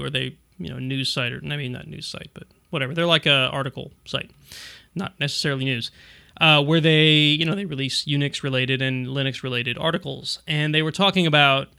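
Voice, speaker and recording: A middle-aged man co-hosts a casual tech podcast, his mid-range voice pushed and bright, clear and resonant, with some vocal fry. He rambles, cuts himself off to restart sentences, and chuckles often.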